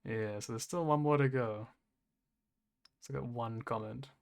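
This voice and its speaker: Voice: medium pitch, normal speed, creaky, a little mellow. A streamer giving casual watch-along commentary, rambling with lots of "like" and frequent laughs. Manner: rambling, full of "like" fillers, laughs often.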